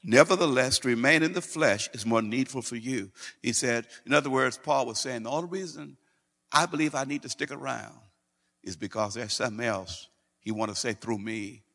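A man's voice: on the low side, gravelly, fairly bright tone, in a large hall. A man preaching a sermon. He reads scripture aloud and explains it, building to fervent preaching.

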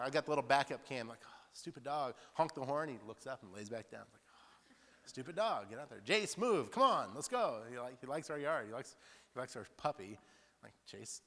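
A male preacher giving a sermon in a chatty, storytelling way, often laughing and tossing in "like" asides. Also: mid-range voice. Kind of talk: sermon with personal stories. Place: church hall. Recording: long reverb in church hall.

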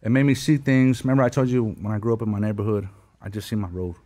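A man's voice: fairly low pitch, fairly even intonation, fast, warm tone, dry recording. A man telling war stories in casual talk, swearing often, repeating himself and calling the listener bro and homie. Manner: profane, repeats words, says bro and homie. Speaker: podcast guest, Air Force veteran. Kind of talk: casual storytelling.

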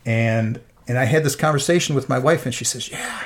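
A man's voice: mid-range voice, a little fast. Middle-aged man, interview guest, emotional personal testimony. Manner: earnest, emotional storytelling.

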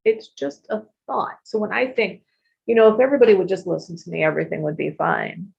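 A woman in her fifties sharing her recovery story frankly and expressively, with casual swearing and quick asides. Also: on the low side, fairly even intonation, vocal fry, darkish tone. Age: 50s. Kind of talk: candid personal testimony. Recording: dull lo-fi recording.

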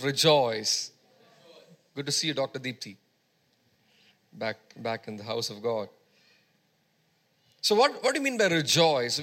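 At a church service, a pastor preaches a sermon and gets the congregation to repeat his words back in call-and-response. His voice is on the high side, bright and forceful.

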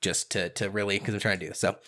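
A man's voice: deep voice, flat delivery, fast, sharp tone, a little hiss or hum. A man playing in a tabletop role-playing game, eager and rambling as he describes his character's moves. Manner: eager, rambling, laughs easily. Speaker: player.

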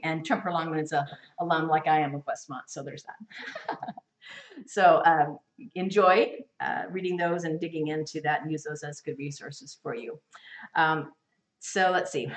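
A woman teaching a women's Bible study class to a live group, lively and chatty, laughing often and acting out quotes. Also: fairly low pitch, distant mic. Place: meeting room with a live class. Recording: echoey room, voice from afar.

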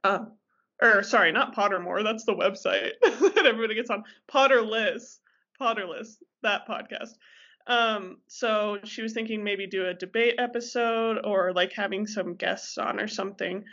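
A woman's voice: medium pitch, normal speed, a bit bright. A young woman co-hosting a podcast, bubbly and giggly in casual chat. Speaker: podcast co-host. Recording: dull lo-fi podcast mic.

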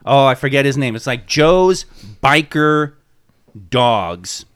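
A man co-hosting a podcast, talking casually and haltingly with many hesitations. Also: mid-range voice, lively intonation, a bit bright, smooth. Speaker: podcast co-host. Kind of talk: casual chat.

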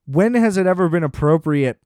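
A man's voice: on the high side, expressive, a little fast, darkish tone, no room sound, clean studio sound. A young man in casual chat, ranting with profanity and sarcasm and mocking other people in put-on voices.

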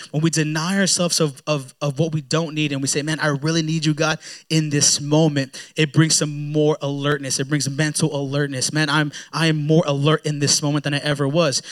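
A man preaching to his congregation in a loose, talky style, his voice sitting fairly high for a man. He stumbles over and repeats words as he goes, and slips into acted-out prayers mid-thought. It sounds like a father speaking plainly rather than reading a script. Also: a bit bright. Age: young adult to middle-aged, a father. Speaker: pastor. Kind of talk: sermon.

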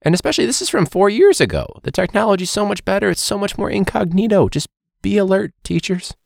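A young man, a teacher hosting a podcast, speaks casually with a creaky, fairly high voice at a quick pace on a dry recording. He's animated and jokey, mimicking others in a loud voice.

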